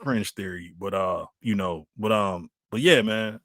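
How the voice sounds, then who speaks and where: A man's voice: lowish voice, unhurried, a bit bright, no echo, clean studio sound. A man co-hosting a casual chat, rambling and restarting with lots of fillers. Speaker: podcast co-host.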